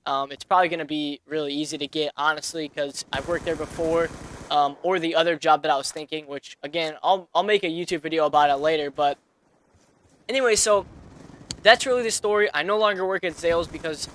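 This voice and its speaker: Young man, twenties, vlog storytelling, bright voice, a bit high, faint hiss behind. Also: a little fast. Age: 20s. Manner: rambling, with many fillers and restarts. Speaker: vlogger.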